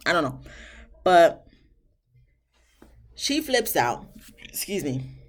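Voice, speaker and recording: Low-voiced woman recapping reality TV. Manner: animated, jokey, slangy, quotes cast members in quick voices. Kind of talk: casual recap commentary.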